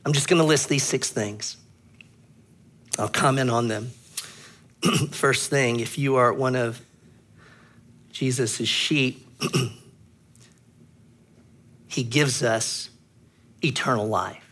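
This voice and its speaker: A man preaching a sermon as a pastor, teaching earnestly, clearing his throat often and pressing hard on key words. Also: mid-range voice, slow, long pauses, a bit bright.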